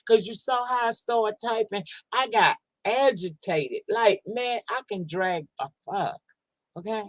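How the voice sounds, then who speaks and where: With a mid-range voice and no echo on the audio, this livestream host reads her chat aloud casually. She's sassy, blunt and profane about it, stretching out words for emphasis.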